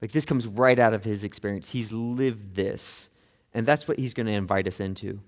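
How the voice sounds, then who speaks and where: Earnest pastor in a reverberant hall. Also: male voice, lowish voice, normal speed. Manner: earnest, swings between soft and intense; repeats words when starting phrases. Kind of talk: sermon. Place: church sanctuary.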